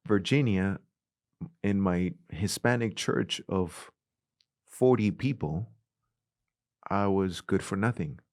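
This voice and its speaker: A middle-aged man with a Spanish-influenced accent, a youth ministries director telling animated stories in an interview and acting out the dialogue. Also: low-pitched, slow pace, pauses often, dry recording, studio quality. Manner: animated storyteller, acts out quoted dialogue. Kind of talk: conversational interview.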